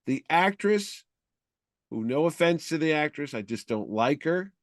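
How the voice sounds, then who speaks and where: A man co-hosting a podcast in casual chat, telling stories in a rambling, animated way. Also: fairly high pitch, measured pace, dry recording, clean studio sound. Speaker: podcast co-host.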